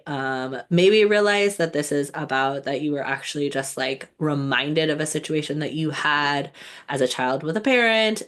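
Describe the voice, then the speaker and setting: Low-voiced woman musing gently. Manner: gentle, musing, full of fillers and restarts. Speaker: wellness speaker. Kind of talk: casual reflective talk.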